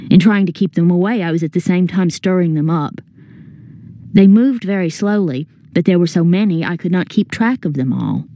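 A woman narrating a story as an audiobook reader, in a measured, earnest first-person telling. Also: lowish voice, dark tone, no room sound.

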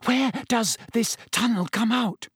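A man's voice: extremely high pitch, takes it slowly, a bit bright, husky, no room sound, studio quality, pitched above the performer's own voice, full character voice. A man voicing a clever teenage schoolgirl witch, whispering breathlessly in fear. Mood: frightened.

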